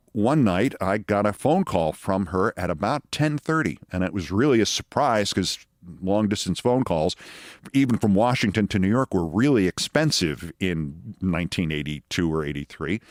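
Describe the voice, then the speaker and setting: A man's voice: no room sound, clean studio sound. A man in his sixties hosting a podcast, telling a long anecdote in a wry storytelling monologue. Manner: wry storyteller, acts out quoted voices in higher pitch. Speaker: podcast host.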